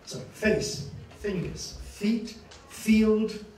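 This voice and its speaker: Animated man lecturing in an echoey hall. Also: sits high, drawn-out words, a little hiss or hum. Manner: animated storyteller, acts out scenes, laughs often. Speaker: lecturer giving a master class. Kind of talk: lively master-class lecture. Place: university lecture room. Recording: echoey hall, distant mic.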